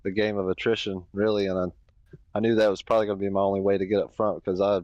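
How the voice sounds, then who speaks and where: A man, a racing driver, answering post-race questions in an easygoing, halting way. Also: lowish voice, flat delivery, a little mellow, no room sound. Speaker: racing driver, third place. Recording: dull, dry lo-fi line.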